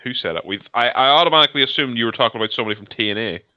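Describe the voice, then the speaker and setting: A man co-hosting a podcast over a video call, talking in a halting, rambling way with many restarts. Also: mid-range voice, expressive, bright, forceful tone, no room sound. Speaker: podcast co-host. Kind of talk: casual chat. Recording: muffled lo-fi call audio.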